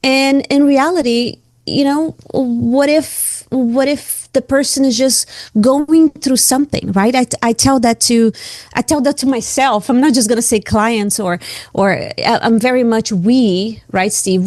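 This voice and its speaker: A woman co-hosting a conversational podcast, speaking in an earnest, reflective, expressive way. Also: on the high side, normal speed, dry recording. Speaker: podcast co-host and coach.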